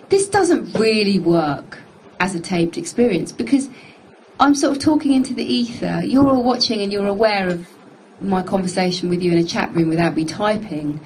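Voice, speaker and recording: A woman's voice: medium pitch, a little mellow, slight background noise, low-quality recording. A woman in her thirties hosting a casual studio live stream, chatting in a rambling, self-mocking way. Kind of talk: casual chat. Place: music studio.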